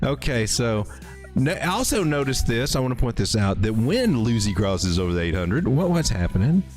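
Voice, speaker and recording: A man's voice: medium pitch, very animated, normal speed, a little mellow, soft background music. A man hosting a live chart-reading stream, joking and rambling as he talks through the charts and greets his chat. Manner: jokey, rambling, easily startled. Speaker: livestream host. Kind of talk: casual livestream chart commentary.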